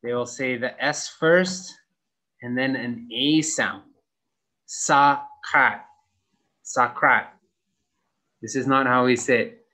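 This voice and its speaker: A man teaching English to young pupils, spelling out words letter by letter and repeating each word clearly for practice. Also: medium pitch, unhurried, sharp tone. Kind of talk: slow, clear classroom instruction.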